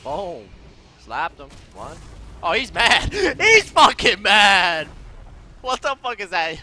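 A man's voice: high-pitched, big pitch swings, slow, a little hiss or hum. Brash, profane game streamer man. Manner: brash, profane, swings from muttering to shouting. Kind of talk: live gameplay commentary.

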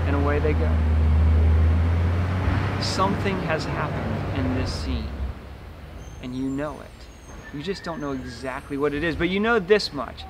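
A man's voice: a little high, noisy background. A man preaching a sermon as pastor, retelling a scene vividly and acting out the dialogue.

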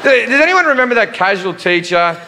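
A male stand-up comedian with a high voice for a man performs his routine live in a large, reverberant theater, very animated and fairly quick. His profane rant swings from shouting to muttered asides, while the noisy audience's laughter and room noise fill the concert recording.

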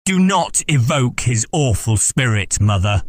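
A man reading an audiobook, voicing an earnest young gentleman who defies his mother. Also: on the low side, unhurried, breathy edge, no echo, clean studio sound. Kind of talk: audiobook character voice.

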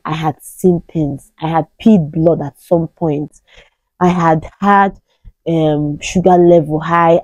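Nigerian woman, 30s, vlogger telling a story; dark, husky voice, dry lo-fi sound. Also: no room sound. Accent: Nigerian English. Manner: animated, acts out quoted pleas in a higher voice. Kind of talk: emotional personal storytelling.

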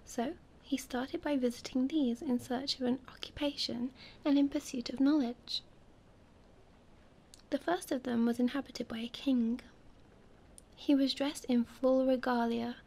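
Soft-spoken woman storyteller, high and mellow, whispered role-play. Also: steady tone, a little slow.

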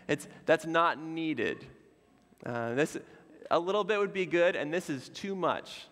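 A man pastor preaching a sermon in a relaxed, conversational way, with casual asides and fillers. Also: fairly high pitch, takes it slowly, long reverb tail. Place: church sanctuary.

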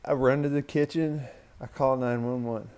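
A man recounting a painful personal memory in a slow, halting, hushed way, as raw spoken testimony. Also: mid-range voice, steady tone. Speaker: survivor sharing a personal story.

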